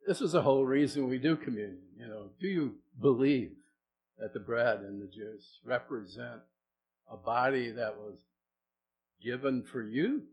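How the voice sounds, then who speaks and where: A middle-aged man, a pastor, preaching a sermon in a conversational way, asking the congregation questions and moving between soft and loud delivery. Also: medium pitch, moderate pace, highs cut off, slight background noise.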